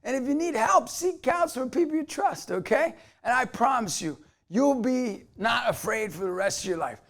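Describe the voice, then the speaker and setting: A middle-aged man delivering a motivational talk with a high, gravelly voice. He speaks emphatically and energetically, pushing his points hard. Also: lively intonation, moderate pace, a bit bright.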